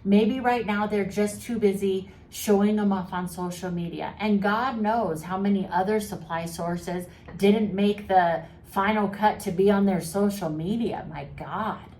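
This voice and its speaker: A woman's voice: mid-range voice, a little slow, hardly any pauses, a little mellow. Woman giving chatty, sympathetic advice. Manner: sympathetic and chatty, with teasing sarcasm. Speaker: mental health advice vlogger. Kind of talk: direct-to-camera advice talk. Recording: roomy echo with faint background noise.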